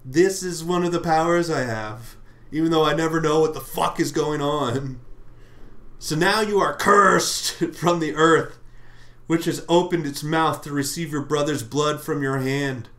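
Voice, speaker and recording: A man voicing God as a clueless, pompous male deity who declaims loudly. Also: on the high side, a little slow.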